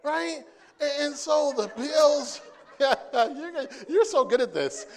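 High-voiced preacher, playful and animated. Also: male voice, slow. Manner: playful, animated, acts out scenes. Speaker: pastor. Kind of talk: sermon.

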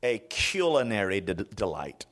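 Animated preacher from Florida. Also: male voice, lowish voice, measured pace. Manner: animated storytelling with frequent restarts. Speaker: guest preacher. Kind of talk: sermon.

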